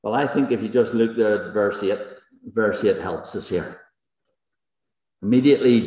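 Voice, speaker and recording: A man's voice: lowish voice, moderate pace, pauses often, mellow. A male pastor preaching a sermon to a congregation, emphatic, with rhetorical questions and repeated phrases. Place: large church hall with congregation. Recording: echoey hall with long reverb.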